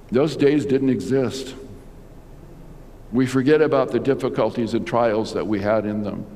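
A man's voice: medium pitch, a little mellow, long reverb tail. An older man preaching a conversational sermon as a pastor, full of rhetorical questions and restarts. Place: church.

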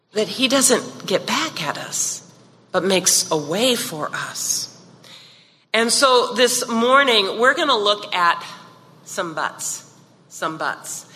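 A woman's voice: medium pitch, pushed and bright, in a large hall, a little hiss or hum. A woman giving a devotional talk in a casual, joking manner, with many asides to listeners. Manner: chatty, joking, many "you know" asides. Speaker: devotional speaker.

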